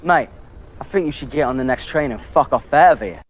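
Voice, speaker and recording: A man's voice: mid-range voice, brisk, lightly acted. An actor playing a young male football hooligan with a Cockney accent, talking in a curt, swearing, dismissive way. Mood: hostile. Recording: faint background noise in a film clip.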